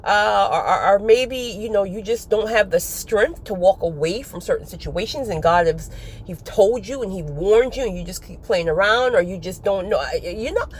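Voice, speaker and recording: A woman giving a casual spiritual talk to her viewers, animated and often breaking into laughter. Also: medium pitch, normal speed, a little hiss or hum. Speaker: faith vlogger.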